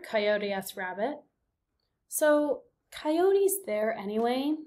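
A woman's voice: on the high side, a little slow. A woman teacher giving a recorded reading lesson, explaining patiently and often checking in with her students. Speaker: elementary school teacher.

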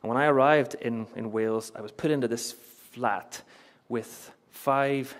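A man's voice: medium pitch, a little slow. Earnest preacher man. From Northern Ireland. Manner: storytelling, earnest, emphatic repetition, light chuckles. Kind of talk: sermon. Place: church.

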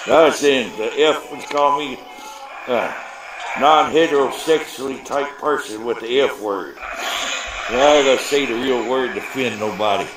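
Inside an abandoned church, a paranormal investigator with a drawl mockingly taunts and provokes spirits for his ghost hunt vlog. His voice is mid-range at a moderate pace, with echo from the empty building and background noise.

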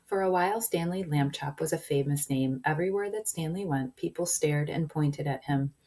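A woman reading a children's book aloud, shifting into hushed whispers at tense moments. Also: low-pitched, normal speed. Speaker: reader.

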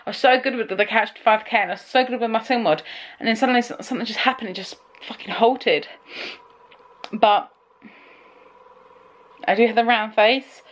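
A woman's voice: fairly high pitch, normal speed, long pauses. Rambling woman vlogging at home. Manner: rambling, emotional, trailing off. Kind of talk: casual vlog chat.

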